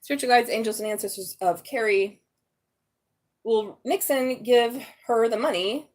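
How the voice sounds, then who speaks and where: A woman's voice: fairly high pitch, measured pace. A woman doing a live tarot reading, chatty and blunt, swearing and laughing as she talks. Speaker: tarot reader.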